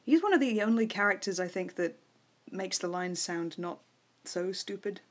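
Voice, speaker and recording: A woman co-hosting a podcast, talking about a film in a relaxed, wry, offhand way. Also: mid-range voice, normal speed. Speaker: podcast co-host. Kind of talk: casual film discussion.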